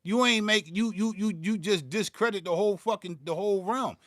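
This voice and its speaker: A man's voice: sits high, fairly quick, a bit bright, no echo, clean studio sound. A man, hosting his own beatmaking channel and ranting in a profane, heated way, stumbling and repeating words as he gets worked up. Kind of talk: livestream rant.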